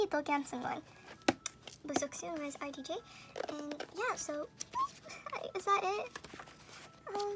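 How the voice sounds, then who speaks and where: High, bright, gushing young woman. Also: a little hiss or hum. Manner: gushing, gasping and squealing often. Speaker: unboxing vlogger. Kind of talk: excited casual unboxing chat.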